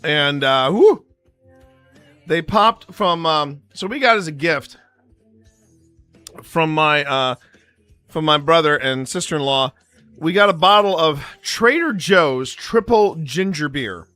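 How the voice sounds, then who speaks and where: A man's voice: on the high side, expressive, a little slow, sharp tone, no room sound, faint music behind. A man hosting a live stream, chatting to his viewers in a rambling way with many fillers, close to the mic. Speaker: streamer host.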